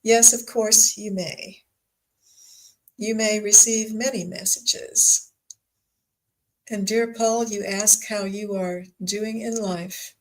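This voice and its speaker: Gentle spirit guides address the living in unhurried, measured phrases, voiced by a woman in her own register. The delivery is calm and reassuring, with long pauses between words. It sounds like a spiritual channelling session. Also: medium pitch, close to an everyday voice, low-quality recording. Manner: slow, measured, reassuring pronouncements. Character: calm group of spirit guides speaking as one.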